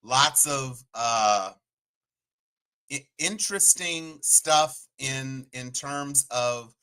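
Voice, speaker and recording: A man's voice: medium pitch, drawn-out words, pushed and bright, clear, resonant tone. A man co-hosting a podcast, chatting casually and playfully, with jokey asides. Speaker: podcast co-host. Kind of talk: casual political chat.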